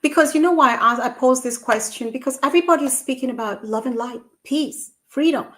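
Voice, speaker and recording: A woman's voice: high voice, fairly quick, a bit bright. A woman hosting an interview, thinking aloud as she asks questions, with many "you know" fillers. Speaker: podcast host. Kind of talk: conversational interview.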